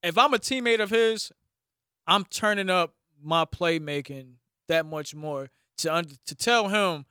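A man co-hosts a sports talk show in a bright, slightly high voice. He hesitates and restarts before landing on firm opinions. The recording is dry and close. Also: unhurried, smooth, dry recording. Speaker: sports talk radio co-host.

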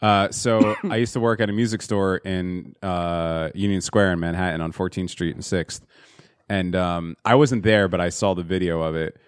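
Low-voiced man telling a profane story. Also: steady tone, moderate pace, clean tone, no echo, studio quality. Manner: profane, rambling, with many fillers and restarts. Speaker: podcast host. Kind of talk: casual storytelling.

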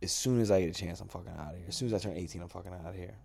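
A man's voice: sits low, very fast, gravelly, a little mellow, slightly rough. Blunt, profane man telling a story. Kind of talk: casual storytelling chat.

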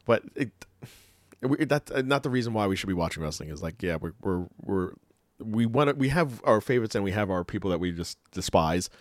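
A man co-hosting a podcast in casual chat, rambling and animated, laughing often and full of fillers. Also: lowish voice, brisk, no echo. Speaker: podcast co-host.

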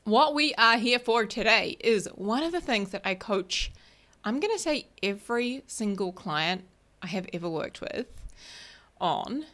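A woman's voice: fairly high pitch, lively intonation, a little slow, a bit bright. A woman life coach hosting her own podcast, talking casually and often checking in with "right?" and a small laugh at herself. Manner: chatty, keeps asking "right?", laughs at herself. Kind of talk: casual solo podcast talk.

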